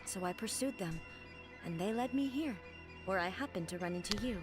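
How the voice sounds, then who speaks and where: An actress voicing a composed, ageless female fox-spirit priestess in game dialogue, speaking in a measured, formal, aloof way. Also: medium pitch, expressive, over music, close to an everyday voice.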